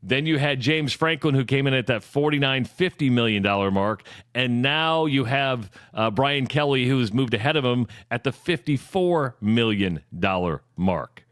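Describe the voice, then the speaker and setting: Steady male sports radio host, dry studio. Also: mid-range voice, no room sound. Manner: measured, runs through facts and figures, some stammering restarts. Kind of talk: sports talk radio discussion.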